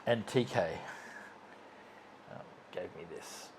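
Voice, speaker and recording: A man co-hosting a stitching channel, chatting casually with dry, matter-of-fact quips, seated on a bed in a dark room. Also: sits low, slow, a little hiss or hum. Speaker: co-host of a stitching video channel. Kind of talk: casual chat. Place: dark bedroom, sitting on a bed.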